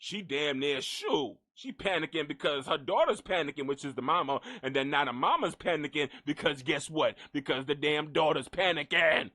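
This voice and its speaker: A man hosting a comedic gossip commentary, talking in an animated, profane way and repeating lines for effect. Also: on the high side, fairly quick, hardly any pauses. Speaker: host.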